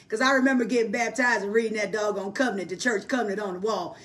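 A woman delivers a livestreamed Bible teaching in a voice worn hoarse. She preaches emphatically and folksily, pitched in the middle for a woman, and punctuates her points with call-and-response asides. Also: fairly quick, fairly bright tone, far from the mic. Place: live online broadcast.

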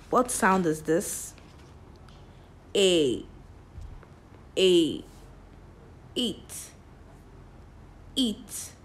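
Very slow-speaking woman teaching phonics. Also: on the low side, slight background noise. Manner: slow, drawn-out, repeats each sound several times. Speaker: primary school teacher. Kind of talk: phonics lesson for young children.

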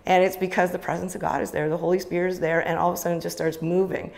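A woman's voice: fairly low pitch, level tone, rapid-fire, vocal fry, darkish tone. Enthusiastic woman in a reverberant church. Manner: enthusiastic, with many fillers. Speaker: church leader giving the offering talk. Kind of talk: casual church talk to a congregation. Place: church sanctuary. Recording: long church hall reverb.

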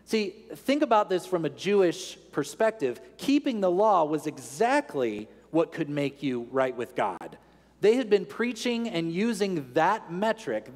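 A man's voice: on the high side, a little mellow. A man preaching a sermon in an earnest teaching tone, asking rhetorical questions. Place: large church sanctuary. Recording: long church reverb.

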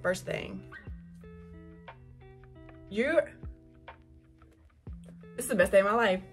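Young woman freaking out over an album, says like a lot, swears, soft music behind. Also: medium pitch, slow pace, long pauses. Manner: excitable, gushing, swears, many "like" fillers. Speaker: vlogger unboxing an album. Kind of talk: casual chat to camera.

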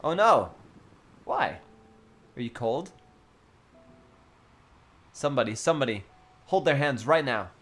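A young male streamer who jokes around and laughs often while chatting with his viewers. His delivery is unhurried, his intonation swings widely, and his tone is bright and forceful. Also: mid-range voice, expressive. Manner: joking, laughs often, talks to chat. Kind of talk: casual livestream chat.

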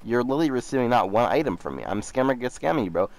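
Fast and expressive at a medium pitch, a young man mocks another player in a casual gaming chat, with a little hiss or hum on the recording. He repeats himself a lot and keeps saying "bro," a YouTuber trolling a scammer.

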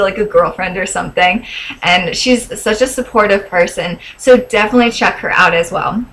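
A woman's voice: medium pitch, bright, forceful tone, poor audio. A young woman vlogger in casual chat, gushing and chatty, with fillers and little laughs.

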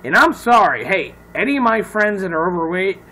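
A man who is a comedian, rambling loudly and profanely in a casual talk to camera. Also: high-pitched, sing-song, a little fast, rough recording. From Irish heritage. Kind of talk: casual off-the-cuff chat to camera.

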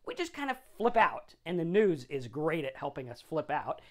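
A man's voice: a little high, big pitch swings, normal speed. Middle-aged man giving a chatty motivational talk. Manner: conversational, tags lines with "right?". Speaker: sobriety talk host.

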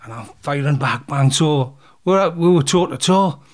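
A man's voice: on the high side, lively intonation, normal speed. A man, telling a story as an interview guest in blunt, casual talk, swearing freely and acting out the punches. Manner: blunt, swears freely, acts out fight scenes.

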